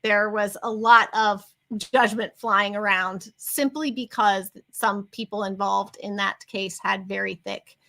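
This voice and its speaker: A woman's voice: medium pitch, steady tone, measured pace, creaky, sharp tone. A woman co-hosting a casual livestream chat, talking in long, rambling tangents. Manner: chatty, wanders into tangents. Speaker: co-host.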